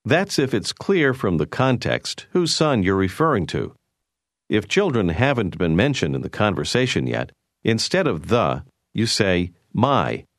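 A man narrating a language course in a clear, measured way, prompting the learner with phrases to say. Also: on the low side, big pitch swings, dry recording, studio quality. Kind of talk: scripted instructional narration.

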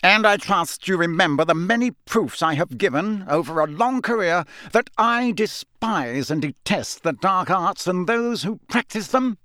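A man's voice: sits high, lively intonation, a little slow, few pauses, pushed and bright, no room sound, clean studio sound, pitched above the performer's own voice, exaggerated voice. A man playing a senior male wizard official who speaks with icy, clipped anger. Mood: cold anger. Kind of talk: audiobook character voice.

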